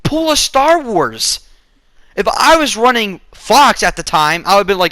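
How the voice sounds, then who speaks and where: Forceful, profane male movie ranter. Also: high-pitched, big pitch swings, unhurried, no room sound. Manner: profane, sarcastic ranting. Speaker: movie reviewer. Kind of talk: casual movie review rant.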